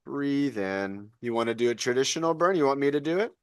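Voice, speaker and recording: A man's voice: mid-range voice, animated, brisk, clean tone, dry recording, clean studio sound. A man coaching a live online fitness class over a video call, chatty and encouraging.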